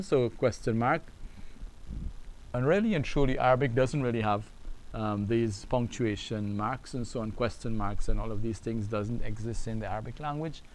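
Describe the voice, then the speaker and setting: A man teaching a beginners' Arabic lesson, speaking slowly and repeating phrases for the learner to copy. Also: mid-range voice, low-quality recording. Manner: slow, repetitive, drills phrases aloud. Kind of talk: online language lesson.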